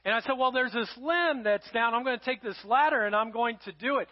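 A middle-aged pastor preaching a sermon, telling a family story and swinging between loud emphasis and hushed, quiet lines. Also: male voice, very high voice, brisk. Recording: dull lo-fi sound.

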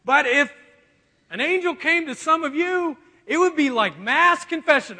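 A man preaching a sermon in an animated, joking way, acting out quotes as he goes. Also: very high-pitched, measured pace. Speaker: pastor. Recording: long reverb of a large hall.

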